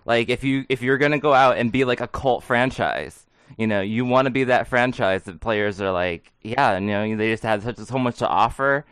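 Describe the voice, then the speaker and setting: Smooth-voiced joking podcast man. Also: medium pitch, moderate pace, fairly bright tone, no echo. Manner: joking, rambling, laughs often. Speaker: podcast co-host. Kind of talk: casual sports podcast chat.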